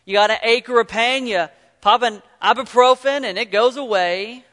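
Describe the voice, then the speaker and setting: A man preaching an earnest sermon, telling stories and swinging from loud emphasis to near-whisper. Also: very high-pitched, moderate pace, in a large hall. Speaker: pastor.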